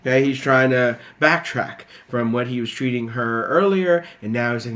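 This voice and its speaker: Male teacher, recorded lesson, relaxed chatty delivery with frequent ums. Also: medium pitch, moderate pace, few pauses. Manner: casual, many fillers, reads quotes aloud.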